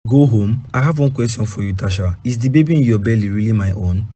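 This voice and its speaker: Richard, a menacing jealous boyfriend. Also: male voice, fairly low pitch, quick pace, dark tone, husky. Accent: Nigerian.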